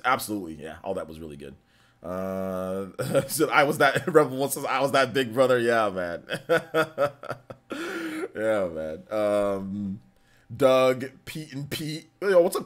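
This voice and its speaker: A man hosting a casual live stream, telling stories with animated energy and breaking into shouts when excited. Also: mid-range voice. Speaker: livestream host.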